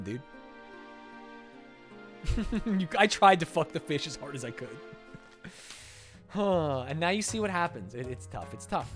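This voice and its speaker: A man's voice: fairly high pitch, sing-song, normal speed, pauses often, a bit bright, faint music behind. A man streaming a game live. He reads the game text aloud, swears, laughs often, and reacts with a lot of energy. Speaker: gaming streamer.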